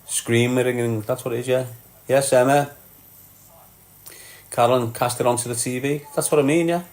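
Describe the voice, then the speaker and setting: A man's voice: mid-range voice, fairly even intonation, normal speed, a little mellow, a little hiss or hum. A man with a Liverpool accent, chatting casually on a livestream, greeting viewers and reading out their comments, blunt and sweary, calling people lad and mate. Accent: Liverpool (Scouse). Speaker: live streamer.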